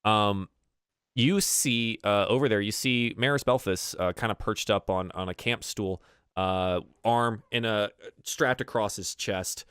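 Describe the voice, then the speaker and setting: A man's voice: on the low side, a little slow, a bit bright, clear, resonant tone, dry recording, clean studio sound. A man narrating a tabletop game as game master, talking loosely with plenty of fillers. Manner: loose and rambling, with many fillers.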